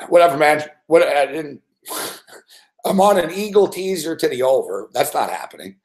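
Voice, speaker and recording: A man's voice: on the high side, lively intonation, moderate pace. A man giving a live sports betting rant, profane and exasperated.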